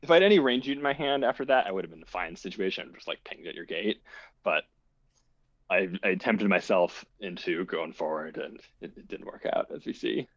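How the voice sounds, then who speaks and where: A low-voiced man talks through his match, hesitant and self-critical. The sound is dry and slightly muffled, like call audio. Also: lively intonation, brisk, no echo. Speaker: game player. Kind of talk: post-game interview.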